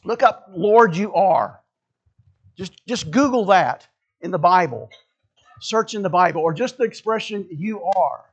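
High-voiced pastor preaching emphatically. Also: male voice, lively intonation, moderate pace, a bit bright, breathy edge, lo-fi sound. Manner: emphatic, repeats phrases for stress; conversational asides to the congregation. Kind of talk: sermon.

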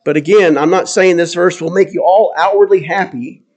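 A man's voice: high voice, normal speed, darkish tone. A man preaching a sermon to his congregation, earnest and emphatic, often repeating key phrases for weight. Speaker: pastor.

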